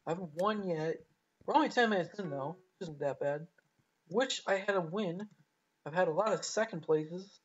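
A woman hosting her gaming channel, rambling through live gameplay commentary and breaking into frustrated shouts. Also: fairly low pitch, rough recording.

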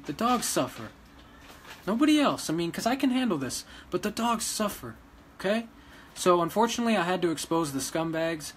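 A man who runs a dog rescue, ranting emotionally to his followers, pleading one moment and shouting defiance the next. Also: a little high, slight background noise. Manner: agitated, pleading, swings between quiet and loud. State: emotional after crying. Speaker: vlogger running a dog rescue.

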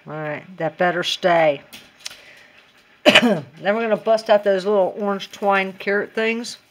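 A woman walks through a craft project in a relaxed, chatty tutorial. She giggles often and talks to herself as she works, in an ordinary mid-range voice. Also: mid-range voice, measured pace. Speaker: DIY craft vlogger.

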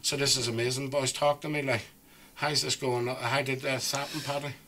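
A man's voice: medium pitch, flat delivery, moderate pace, bright, forceful tone, a little hiss or hum. Chatty Northern Irish man hosting a podcast. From Northern Ireland. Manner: easygoing, chatty, peppered with "you know what I mean". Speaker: podcast host. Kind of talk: casual chat.

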